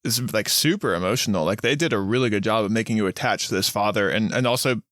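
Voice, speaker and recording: A man's voice: lowish voice, fast talker, fairly bright tone, dry recording, clean studio sound. A man co-hosting a movie podcast, matter-of-fact and analytical about the plot. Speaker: podcast co-host. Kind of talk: casual movie discussion.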